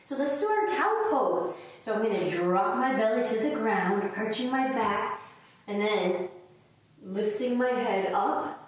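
Speaking a little slowly with a slightly high voice and lively intonation, a woman runs a children's yoga lesson, playful and sing-song, doing animal sounds together with the kids. The room is echoey, she sounds far off, and there is faint noise.

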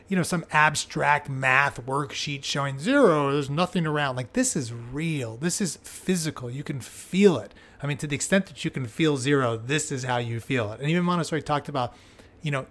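Guy hosting an education podcast, chatty and excited, voice goes up and down a lot, says like and you know. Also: mid-range voice. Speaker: podcast host. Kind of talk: casual educational podcast talk.

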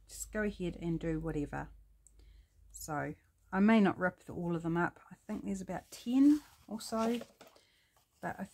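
A woman's voice: fairly low pitch, darkish tone, a little hiss or hum. A middle-aged woman with a New Zealand accent talks through a collage craft project in a rambling, chatty way, thinking aloud with frequent ums. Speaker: craft vlogger. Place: home craft desk.

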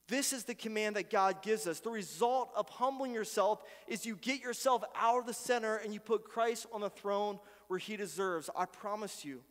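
Male pastor, high-pitched, earnest sermon voice, hall reverb. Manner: earnest, shifts between quiet prayers and loud pleading. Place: church sanctuary.

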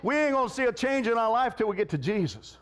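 High-voiced fervent preaching man. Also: big pitch swings, fast talker, fairly bright tone. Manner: fervent, repetitive preaching with frequent amens and call-outs. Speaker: pastor. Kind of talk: sermon.

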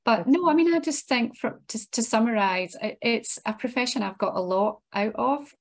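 A woman's voice: fairly high pitch, animated, moderate pace. A middle-aged woman with a Scottish accent, chatting easily as an interview guest and often restarting her words. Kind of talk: casual interview chat.

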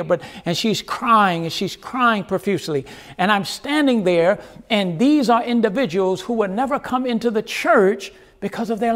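A pastor preaching a sermon, earnest, with dramatic pauses and repeated phrases. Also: male voice, high voice, a bit bright.

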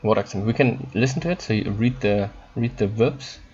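Low-voiced man teaching online, halting. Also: a little mellow, highs cut off. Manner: halting, repeats words, frequent ums. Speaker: German language teacher. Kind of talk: online language lesson.

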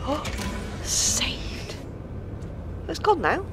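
A British woman talks slowly through her game, her pitch swinging wildly between low mutters and high yelps. She curses at every mishap. Steady noise hums under the voice. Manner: swears and laughs at her own mishaps. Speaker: game streamer. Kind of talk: casual let's-play commentary.

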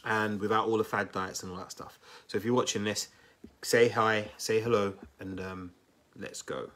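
A man hosting a live coaching stream on weight loss, talking straight to his viewers in a chatty, energetic way and often checking in with "right?" and "okay?". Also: on the low side, normal speed.

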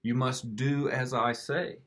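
A man voicing the calm, gentle divine voice of God in a storybook reading, measured and reassuring. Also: medium pitch. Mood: solemn.

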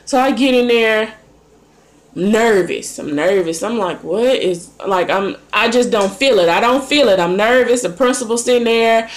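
Young woman telling an animated story. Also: a little high, normal speed. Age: young adult. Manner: animated, dramatizes her own thoughts with voice shifts. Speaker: vlogger. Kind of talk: casual storytelling to camera.

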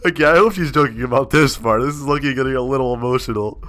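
A young man giving excitable gameplay commentary as a gaming video host, swinging between mumbled asides and loud outbursts. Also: medium pitch, fast talker. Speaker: gaming YouTuber.

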